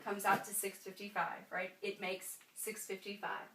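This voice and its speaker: A woman's voice: mid-range voice, little pitch movement, moderate pace, distant mic, background noise. A woman teaching a French lesson in a chatty way, with frequent ums and check-ins of "right?". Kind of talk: classroom lesson. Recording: echoey room, voice from afar.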